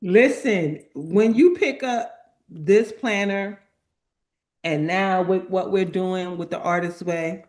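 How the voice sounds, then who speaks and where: A woman's voice: fairly low pitch, slow, a little mellow. A woman hosting an inspirational livestream talk, speaking emphatically and repeating phrases for effect. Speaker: host.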